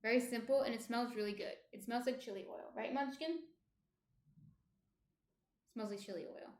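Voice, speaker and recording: A woman's voice: on the high side, steady tone, moderate pace, darkish tone, roomy sound. A woman from New Jersey with a New Jersey accent, chatting casually on a baking livestream and answering viewers' comments. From New Jersey, USA. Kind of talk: casual live-stream chat.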